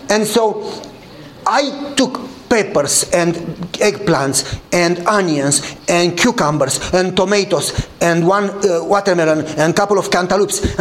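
A man with a Romanian accent preaches in a fairly high voice and tells an animated story. He acts out each exchange and laughs as he goes. There is a faint hiss behind him. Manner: animated storyteller acting out dialogue, laughing often. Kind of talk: sermon storytelling.

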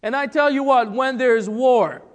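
A man from the Republic of the Congo preaches with slow, deliberate emphasis and a high voice. He leans on rhetorical questions and dramatic pauses. His words ring through a church hall with a long reverb tail. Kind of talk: sermon.

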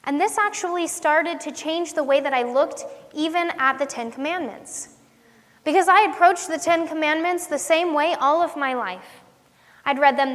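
A woman's voice: high-pitched, moderate pace, fairly bright tone. A woman giving an earnest devotional sermon in a conversational way, asking her listeners questions as she teaches. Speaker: ministry teacher. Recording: long hall reverb.

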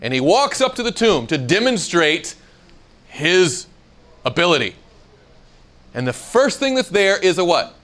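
A man teaching a Bible seminar speaks in a high voice, taking his time and pausing often. Before his live audience he's animated, questioning the room and acting out the quotations.

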